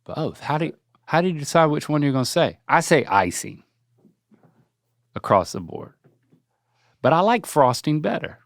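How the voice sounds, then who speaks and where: A man's voice: fairly high pitch, expressive, normal speed, long pauses, no echo, studio quality. A young man hosting a casual chat, quizzing his father and joking playfully as he rattles off lists. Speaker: podcast host. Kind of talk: casual chat, quiz questions.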